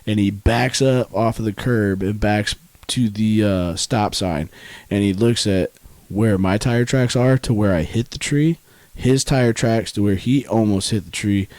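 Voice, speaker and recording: A man's voice: on the low side, a little slow, darkish tone, dry recording. A young man casually telling a story on a podcast, laid-back, swearing freely and laughing often. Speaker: podcast co-host.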